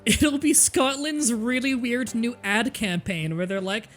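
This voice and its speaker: A woman streamer joking loudly and crudely while commenting on a game she is playing. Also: a little high, measured pace, faint music behind. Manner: loud, crude, laughing banter. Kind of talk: casual gameplay commentary.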